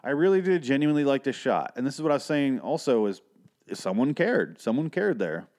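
A man's voice: mid-range voice, big pitch swings, fairly quick, a little mellow. A man in his thirties casually recapping a film, sarcastic and exasperated, swearing freely. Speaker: film reviewer.

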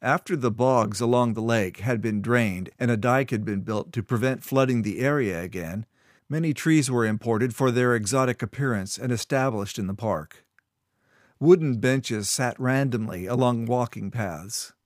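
A man reading a story aloud in steady, measured scripted narration. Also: medium pitch, no echo, studio quality. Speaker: audiobook narrator.

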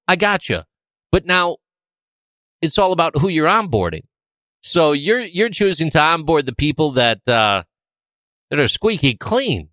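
A man's voice: medium pitch, fairly bright tone, no echo. A man co-hosting a casual conversation podcast, joking and firing off rhetorical questions. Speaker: podcast co-host.

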